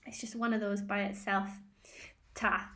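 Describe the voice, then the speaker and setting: A woman from Scotland leads a children's rhythm lesson to camera, slow and clear and full of encouragement. Her voice sits a little high for a woman. She is recorded close to the camera at a table at home. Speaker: music tutor.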